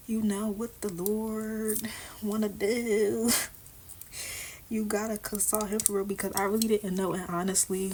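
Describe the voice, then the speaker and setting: A woman vlogger with a lowish voice chats casually and candidly while doing her hair, often slipping into a half-whisper. Background noise is audible.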